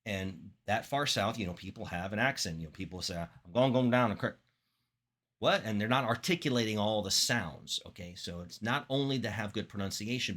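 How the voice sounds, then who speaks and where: Animated man giving a speaking lecture. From Florida. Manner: lively, with emphatic pitch jumps and deliberate pauses. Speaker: public speaking instructor. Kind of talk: classroom lecture.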